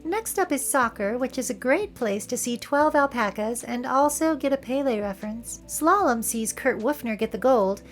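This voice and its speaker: A woman's voice: on the high side, animated, normal speed, few pauses, faint music behind. A woman from California with a Valley Girl accent, hosting a playful, wry commentary over film clips. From San Francisco area, California. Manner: playful, wry, joking asides. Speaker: video essay host.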